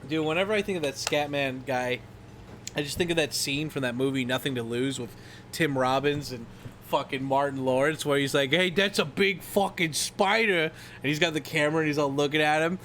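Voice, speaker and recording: Speaking briskly with fairly even intonation, a young man on a stream rambles about movies, swearing, laughing a lot, scatting, and doing movie-line impressions. His mid-range voice is a bit bright, and there's slight background noise.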